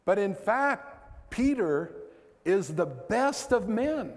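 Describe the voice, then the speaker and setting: A man's voice: high voice, sing-song, slow, in a large hall. A man preaching a sermon as pastor, earnest and conversational, asking rhetorical questions.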